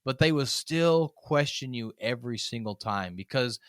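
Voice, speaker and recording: A man's voice: medium pitch, normal speed, no room sound, clean studio sound. A man, a public speaking coach, chatting as a podcast guest and acting out little stories. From United States. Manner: animated storyteller, acts out quoted voices. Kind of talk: casual podcast conversation.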